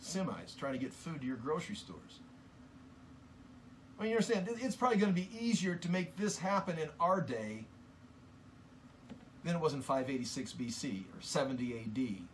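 A man teaching from the Bible in an earnest, impassioned sermon, often halting and restarting mid-sentence. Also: medium pitch, lively intonation, slight background noise.

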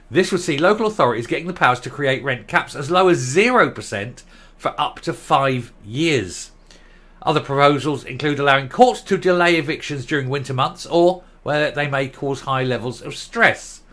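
Combative male commentator, slightly high voice, sarcastic rants. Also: pushed and bright. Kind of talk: ranting commentary.

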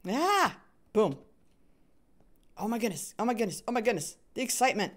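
Excitable woman with a lively, bouncy voice. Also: fairly high pitch, normal speed. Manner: excitable, chatty, cheering on players and humming sound effects. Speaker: gaming streamer. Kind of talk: live Minecraft stream commentary.

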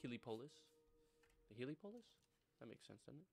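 Man doing let's play commentary, excitable and mock outraged, bouncy voice, game music behind. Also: medium pitch, a little fast, gravelly. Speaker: gaming host. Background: game music and sound effects.

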